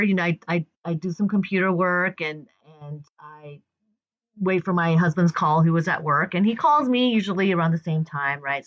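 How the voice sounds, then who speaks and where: Chatty woman telling a story, lo-fi. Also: fairly low pitch. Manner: chatty, fillers, acts out dialogue. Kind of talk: personal story told to camera. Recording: dull lo-fi recording.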